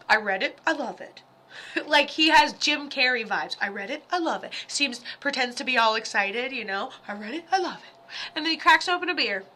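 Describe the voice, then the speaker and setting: A woman giving live psychic readings on a stream, chatty and rambling, with quick asides and quoted voices. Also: high voice, bright, forceful tone. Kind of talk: casual livestream readings.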